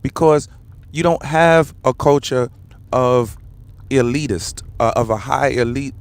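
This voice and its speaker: A man's voice: medium pitch, steady tone, unhurried. An American man hosting a political commentary livestream, ranting heatedly, repeating his points and firing rhetorical questions while talking straight to his viewers. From United States. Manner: addresses viewers and the comment section directly. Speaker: livestream host.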